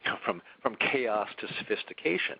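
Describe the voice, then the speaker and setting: A man from a software vendor presenting a webinar in a conversational way, often tagging his points with "right?" and restarting his sentences. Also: lowish voice, expressive, brisk, creaky, dry recording, dull audio.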